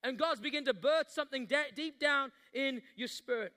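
A man preaches a passionate sermon, his voice sitting high and ringing bright. He acts out the Bible story with swelling intensity, then leads the room in prayer. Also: brisk. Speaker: pastor.

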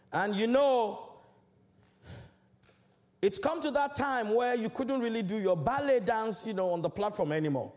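A man from Africa preaching a sermon as a church elder, emphatic and declamatory, in a large church. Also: a little mellow. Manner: emphatic, declamatory preaching with big swells in pitch.

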